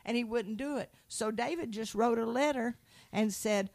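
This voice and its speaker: A woman in a Christian conversation, teaching from the Bible with animated storytelling and acted-out quotes. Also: a little high, moderate pace. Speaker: Christian speaker.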